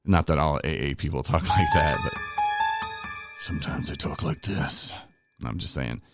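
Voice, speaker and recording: A man's voice: rumbling low, normal speed, vocal fry, over loud music. A middle-aged man hosting a recovery podcast, telling his own story in a candid, rambling, self-deprecating way. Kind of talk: casual personal storytelling.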